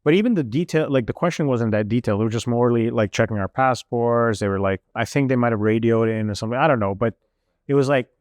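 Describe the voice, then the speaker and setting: Animated young man telling a story. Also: medium pitch, quick pace, no room sound, studio quality. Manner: animated, lots of fillers, mimics officials. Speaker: guest telling a travel story. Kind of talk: casual storytelling.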